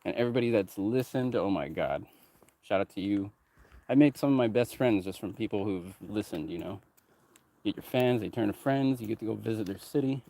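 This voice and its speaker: A music producer and label owner with a fairly low, creaky, mellow voice talks briskly and loosely. He rambles from topic to topic and swears heavily.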